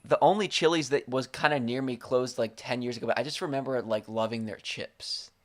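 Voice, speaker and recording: A man's voice: mid-range voice, steady tone, brisk. A man hosting a casual interview, reacting with playful exclamations. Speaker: interviewer, host.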